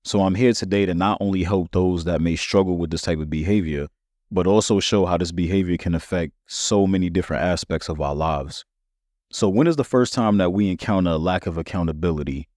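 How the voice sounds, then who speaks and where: A man's voice: low voice, darkish tone, no room sound, studio quality. A man hosting a solo podcast, talking to listeners in a conversational, emphatic way. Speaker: podcast host.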